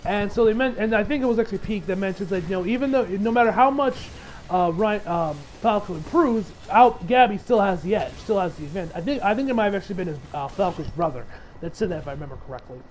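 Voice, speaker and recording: High-voiced man in a casual recap. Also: lively intonation, fast, darkish tone, a little hiss or hum, low-quality recording. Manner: loose, rambling, swears freely, acts out quotes. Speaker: anime reviewer.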